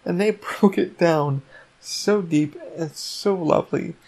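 A man hosting his own podcast, rambling excitedly and swearing often, with many restarts. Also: on the high side, slow, creaky. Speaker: podcast host. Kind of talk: casual solo podcast rant.

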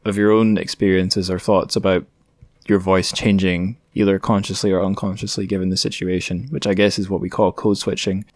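A Scottish man talks through listener notes in a loose, rambling way. His voice sits low, and the sound is dry and close with no room around it. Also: little pitch movement, fairly quick, dry recording. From Scotland. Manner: chatty, rambling, self-correcting. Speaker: podcast host. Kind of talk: casual solo podcast chat.

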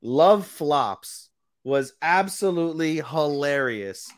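A man co-hosting a podcast, recapping an anime episode in a rambling, profane, animated way. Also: fairly high pitch, takes it slowly, dry recording, clean studio sound. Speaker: podcast co-host. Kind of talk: casual chat, anime recap.

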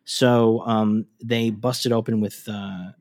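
A man's voice: on the low side, little pitch movement, takes it slowly, a little mellow. A man co-hosting a podcast who casually recaps a cartoon episode, rambling with lots of fillers and the odd curse. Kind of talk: casual chat.

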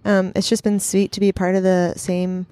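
A woman's voice: mid-range voice, level tone, normal speed, dark tone, no echo, studio quality. A young woman hosting a casual faith chat, telling earnest, rambling stories. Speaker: podcast host.

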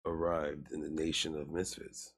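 A man's voice: extremely low pitch, flat delivery, normal speed, gravelly. A man co-hosting a casual podcast, reading out viewer arrivals and making brief remarks. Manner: reads out chat arrivals, brief interjections. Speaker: podcast co-host.

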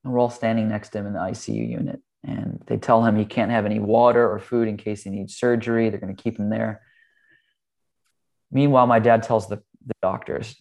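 A man's voice: lowish voice, fairly quick, vocal fry. A man who teaches meditation, speaking earnestly and casually as he explains ideas and tells a personal story, with the odd "um" and "like". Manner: earnest, relaxed, with "like" and "um". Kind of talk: conversational storytelling.

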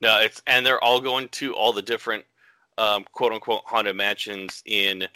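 Male podcast co-host, low and bright, hesitant chat, dry sound. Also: level tone, moderate pace. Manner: rambling, hesitant, with many fillers. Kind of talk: casual chat.

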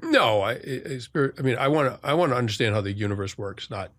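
A man speaking as a podcast guest in a reflective conversation, halting and often restarting his sentences. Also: medium pitch, animated, fairly bright tone, dry recording. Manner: halting, many restarts and self-corrections. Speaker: guest, war journalist and author.

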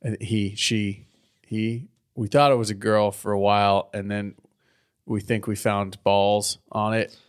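A man's voice: lowish voice, level tone, unhurried, clear, resonant tone. A man co-hosting a podcast, rambling through a crude, self-mocking casual chat while recapping a cartoon. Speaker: podcast co-host.

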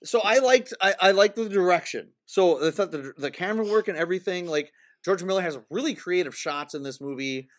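A man with a somewhat high, lively voice, chatting about films in a relaxed, rambling way. He agrees readily and fills gaps with quick yeahs. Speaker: podcast co-host. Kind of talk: casual film review chat.

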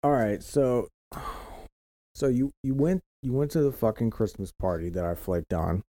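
On a home podcast mic with no echo, a man from Florida rambles through casual, constantly profane chat as a co-host. His voice is medium in pitch and dark, his pace measured.

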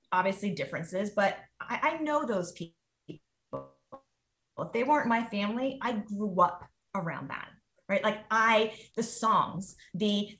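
A woman in her forties talks as a guest in a relaxed conversation. Her pitch sits in the middle range. She is animated and keeps slipping into little acted-out versions of her own reactions. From United States. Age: 40s. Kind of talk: casual conversation.

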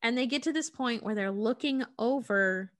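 A woman's voice: fairly high pitch, normal speed, fairly bright tone. Chatty woman co-host recapping a film. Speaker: podcast co-host.

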